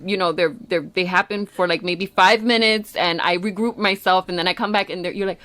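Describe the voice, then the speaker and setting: A woman co-hosts a casual podcast, telling lively stories. She swears freely and acts out quoted lines in her own voice. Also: on the low side, fairly quick. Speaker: podcast co-host. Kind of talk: casual chat.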